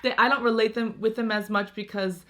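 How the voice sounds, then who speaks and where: An American woman in her thirties chats casually on her vlog, laughing often between thoughts. Her voice is a little high, pushed and bright, with fairly even intonation and a brisk pace.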